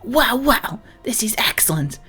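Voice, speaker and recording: Whispered role-play of a fussy researcher from a fantasy game, voiced by a woman. Every word is hushed and airy, precise and pleased. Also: a little high, big pitch swings, a little slow, slightly rough, faint music behind, voice pushed up, exaggerated voice.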